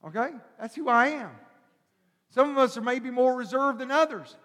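A male pastor preaching a sermon, shifting from quiet teaching to loud shouted preaching and calling the listeners brother and sister. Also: extremely high pitch, moderate pace. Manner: calls the congregation brother and sister. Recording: long hall reverb.

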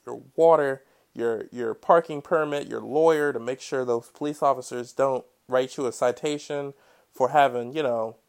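A man hosting a casual solo podcast who explains his topic in a chatty, digressive way with jokey side remarks. He swings between loud bursts and quiet muttered comments. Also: fairly high pitch. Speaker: podcast host.

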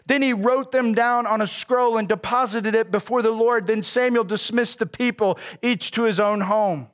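A man preaching a sermon as a pastor, casual and animated, with slang. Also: high voice, moderate pace.

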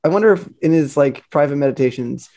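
Musing man with a gravelly voice. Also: a little high, expressive, quick pace, mellow. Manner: musing, hesitant, many fillers and restarts. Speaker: podcast co-host. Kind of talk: casual chat.

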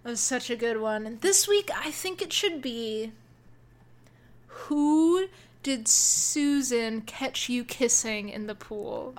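A woman's voice: fairly high pitch, expressive, slow. A woman co-hosting a podcast in casual chat, enthusiastic and stretching words out for emphasis. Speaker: podcast co-host.

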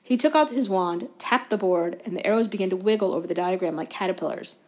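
A woman reading a novel aloud as a guest reader, in steady storytelling narration with a few quick self-corrections. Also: medium pitch.

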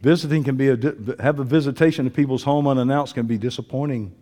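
A man preaching a sermon, folksy and joking, swinging from quiet asides to loud preaching. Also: medium pitch, steady tone, fast, big-room sound. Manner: folksy, joking, uses y'all and ain't. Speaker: pastor. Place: church sanctuary.

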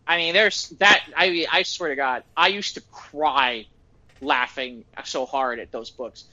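A man in casual chat, telling stories with animated energy and acting out what people said. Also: medium pitch, unhurried, lo-fi sound. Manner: animated storyteller acting out quotes.

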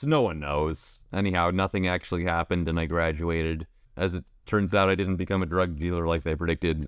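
A young man hosting a gaming video, telling a school story in a sarcastic, deadpan way with lots of restarts. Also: low voice, clear, resonant tone, no room sound, clean studio sound. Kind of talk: casual storytelling over gameplay.

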